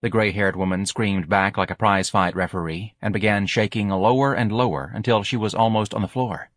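A man narrating an audiobook in a wry, measured storytelling manner. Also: on the low side, fairly even intonation, dry recording.

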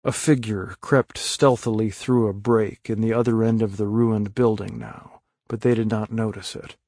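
An audiobook narrator reads a story aloud in a slow, measured way. His voice sits on the low side, a little mellow, with fairly even intonation. The recording is studio quality with no room sound.

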